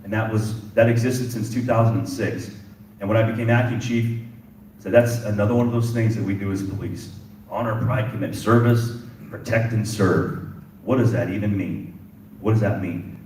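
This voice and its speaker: A middle-aged police chief gives a passionate speech at a community symposium, repeating phrases for emphasis. His voice is lowish, steady and darkish at a moderate pace, picked up by a distant mic in an echoey indoor event hall with slight background noise.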